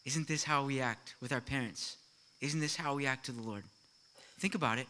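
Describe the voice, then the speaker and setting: A middle-aged man preaching a sermon to his congregation, animated and full of rhetorical questions and quick asides. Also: mid-range voice. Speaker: pastor.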